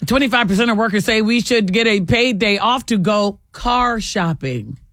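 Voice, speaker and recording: A woman hosting a morning radio show, chatting with co-hosts and a caller in a warm, chatty way. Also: mid-range voice, animated, normal speed, dry recording, clean studio sound. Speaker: radio host.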